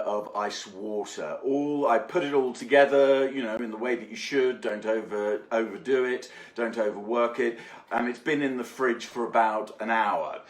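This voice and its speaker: A man's voice: mid-range voice, fairly bright tone. Chatty man in an echoey kitchen. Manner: rambling and jokey, with many fillers. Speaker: home baker. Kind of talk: chatty cooking demonstration. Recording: echoey room.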